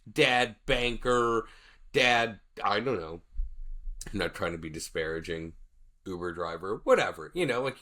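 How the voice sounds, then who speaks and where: A man's voice: mid-range voice, pushed and bright. A man hosting a casual podcast interview, asking long, loosely built questions full of fillers. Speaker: podcast host.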